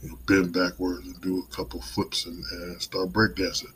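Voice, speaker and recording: Host, male, very low and monotone voice, loose rambling pep talk with some swearing, faint crickets behind. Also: normal speed, slight background noise, poor audio. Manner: casual, digressive, mildly profane. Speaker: podcast host. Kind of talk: rambling motivational monologue.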